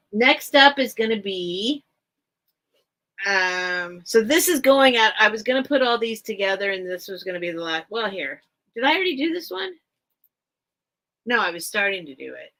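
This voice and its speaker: A woman's voice: mid-range voice, animated, moderate pace, pushed and bright, rough recording. A woman hosting a live vintage sale stream, chatting casually with viewers and her cat and getting easily sidetracked. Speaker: live sale host selling vintage items.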